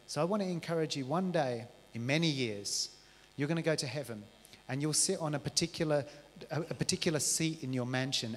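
A man delivers a sermon in a church, telling stories and acting out the people he quotes. His voice sits in a middle register. The sound carries a long hall reverb from the church room. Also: mid-range voice. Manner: lively storytelling, animated quoted voices. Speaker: visiting preacher. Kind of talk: sermon with testimony. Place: church auditorium.

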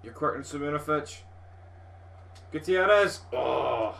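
A man's voice: fairly high pitch, a little slow, gravelly. Sweary Scottish man commentating gameplay. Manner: sweary, rowdy, excitable fan. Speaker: gaming video host.

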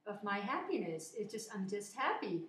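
A woman's voice: medium pitch, very animated, moderate pace, a bit bright, slight background noise. Woman doing a happy humble servant guy, easygoing, roomy echo. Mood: content. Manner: content, matter-of-fact. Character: cheerful humble male servant page. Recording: echoey room.

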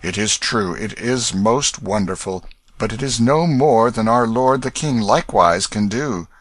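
A grave, authoritative nobleman speaks with measured firmness, as a man reads him in an audiobook. The voice is low and recorded close and dry. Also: animated, dry recording. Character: older male nobleman regent, authoritative and grave. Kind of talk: audiobook character reading.

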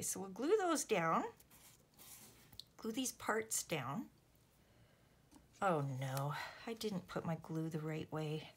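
A woman from Canada, chatting casually and self-deprecatingly to viewers while making cards, sometimes murmuring to herself. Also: medium pitch. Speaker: host. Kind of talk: casual crafting vlog chat.

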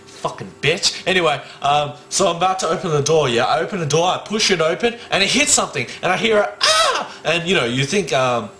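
A young man tells a comedy story, his high voice leaping wildly between calm asides and loud bursts of fake panic. He swears constantly. Recorded without a mic in an echoey room. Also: quick pace, hardly any pauses. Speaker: stand-up comedian. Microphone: no microphone.

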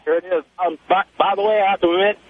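A male caller with a high voice, heard over a tinny phone line with faint hiss. He tells his story casually, with animated, chatty energy. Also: quick pace. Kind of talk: casual storytelling on a call-in show.

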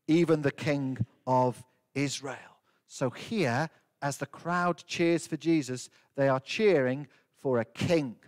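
A man leading a children's talk in a church service, playfully asking the young ones questions and coaxing answers. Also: high-pitched. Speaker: priest leading a family service.

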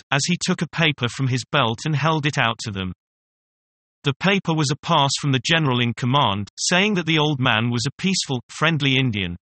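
A man reads a story aloud at a steady, measured pace. His voice is bright and sits at a middle pitch. The sound is dry and close. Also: no room sound. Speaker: story reader. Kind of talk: storybook reading.

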